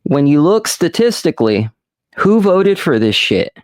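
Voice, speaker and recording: Man, podcast host, slow rambling talk, frequent swearing, dry close mic. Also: fairly high pitch, sing-song, dry recording. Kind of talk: casual podcast chat.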